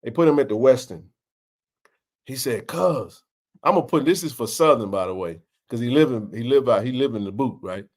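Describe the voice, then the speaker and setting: Male host of a live sports chat, from the American South; emphatic, slangy, animated delivery. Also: mid-range voice, brisk. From Mississippi. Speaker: show host.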